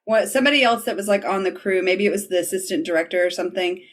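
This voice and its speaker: A woman's voice: mid-range voice, racing. A woman hosting a podcast in easy, casual chat. She talks animatedly and laughs often. She acts out quoted lines as she recaps scenes. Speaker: podcast host.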